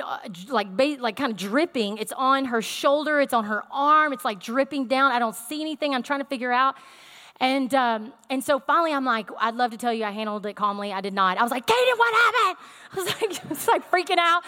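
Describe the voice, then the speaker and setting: A woman preaching a sermon, telling a personal story in a conversational, animated way with fillers. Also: high voice, in a large hall.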